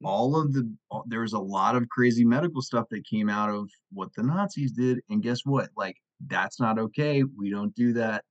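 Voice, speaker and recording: Man, low voice, dull dry call audio, laughing while talking, hedging, casual podcast debate. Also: moderate pace, hardly any pauses, no echo. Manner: laughs mid-sentence, hedges and restarts while arguing a point. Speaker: podcast panelist.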